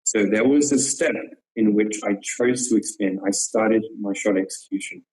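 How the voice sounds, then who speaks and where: A man with a somewhat low voice explains archery technique as a coach in an online webinar. He talks earnestly, repeats words to drive a point home and drops in frequent "yep" check-ins. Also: moderate pace, a little mellow, poor audio.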